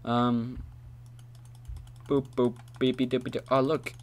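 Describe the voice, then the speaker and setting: Speaking slowly in a mid-range voice with little pitch movement, this man gives casual let's-play commentary on a headset mic. He's a gamer working through an adventure map, rambling to himself and throwing in silly noises.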